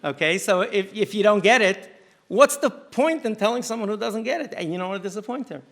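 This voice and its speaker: A man's voice: high voice, a little fast. A middle-aged man from the United States, a rabbi, lecturing a community audience in a synagogue hall. He tells stories animatedly and often restarts his sentences. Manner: animated storyteller who acts out quotes, with frequent restarts. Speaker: rabbi giving a parenting talk.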